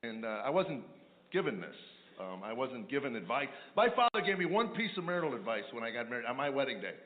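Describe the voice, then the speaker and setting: A man doing a stand-up comedy routine, telling stories about marriage in a dry, deadpan way, with mumbling asides in other voices. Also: mid-range voice, fast. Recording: echoey, tinny lo-fi radio replay of a live set.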